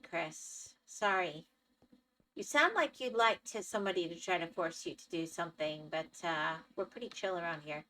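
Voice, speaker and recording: A woman's voice: fairly low pitch, normal speed, bright, forceful tone, recorded from a distance. A woman streamer chatting casually with her chat while playing a game, thinking aloud as she goes.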